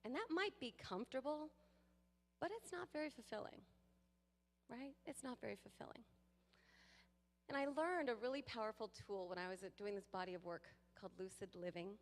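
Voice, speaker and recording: A woman giving a sermon to a congregation, lively and playful, with laughing asides to the people in the pews. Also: on the high side, moderate pace, long pauses. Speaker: guest speaker. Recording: long hall reverb.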